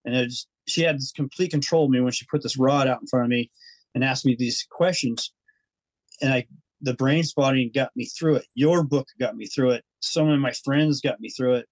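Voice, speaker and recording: A man's voice: mid-range voice, moderate pace, no echo, low-quality recording. A man telling his personal story as a podcast guest, earnest and rambling, acting out his own inner thoughts.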